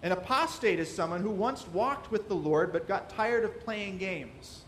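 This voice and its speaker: Male pastor, high voice, rhetorical questions, sermon in a church, faint background hum. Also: normal speed, a bit bright. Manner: preaching with rhetorical questions, acting out quoted voices.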